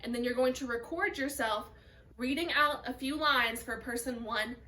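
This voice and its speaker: A woman French teacher records a video lesson, explaining things step by step and modelling French words and phrases. Her voice is high-pitched and sharp at a moderate pace, and she sounds a bit far from the mic in an echoey room.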